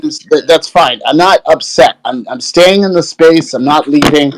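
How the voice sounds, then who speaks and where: A man who works as a social worker, answering criticism in a measured, defensive, halting way. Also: a little high, rough recording. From Maine. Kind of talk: heated discussion.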